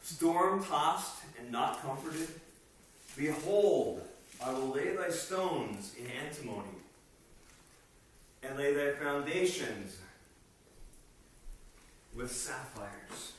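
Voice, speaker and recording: A man preaching a sermon, animated and rising to emphatic bursts. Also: on the high side, very slow, pauses often. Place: meeting hall. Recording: echoey room from far off with faint noise.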